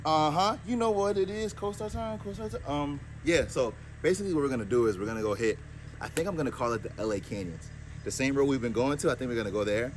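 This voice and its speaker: A man's voice: mid-range voice, fast, slight background noise. Hyped young man vlogging cars. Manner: hyped, slangy, excitable. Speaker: car vlogger. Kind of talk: casual car vlog. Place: outdoors by cars, then inside a car.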